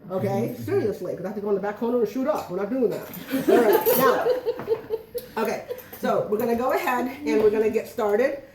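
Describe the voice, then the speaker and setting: A woman's voice: medium pitch, fairly quick, far from the mic, background noise. A middle-aged woman giving a chatty, joking cooking demonstration to a small audience in a home kitchen. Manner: joking, self-deprecating, chatty. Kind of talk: live cooking demo patter. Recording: echoey room, voice from afar.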